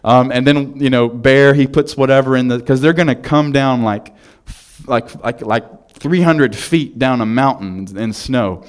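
A pastor preaching a sermon in a church, telling a story with lots of fillers before turning to prayer. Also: male voice, medium pitch, unhurried, smooth. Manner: casual storytelling with fillers, animated retelling.

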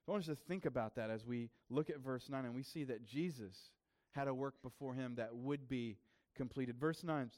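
A man's voice: medium pitch, normal speed, darkish tone. A man preaching a sermon as pastor, in a casual, conversational way with frequent fillers and restarts.

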